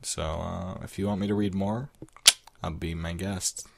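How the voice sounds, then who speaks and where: Man, low voice, casual read-aloud of fan fiction, dry. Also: fairly even intonation, unhurried, creaky, darkish tone, no echo. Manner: casual, chuckling asides.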